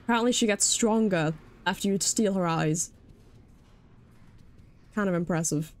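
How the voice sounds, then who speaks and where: A woman's voice: medium pitch, moderate pace. Jumpy British woman streaming a game. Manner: jumpy, swears freely, talks to chat while playing. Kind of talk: live gameplay commentary.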